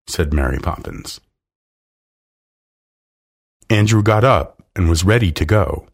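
A man reading a children's story aloud in a slow, deliberate, expressive way. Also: low-pitched, slightly rough. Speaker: narrator.

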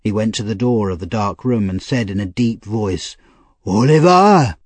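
A man narrating an audiobook in a measured, expressive storytelling manner. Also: fairly low pitch, breathy edge, no echo.

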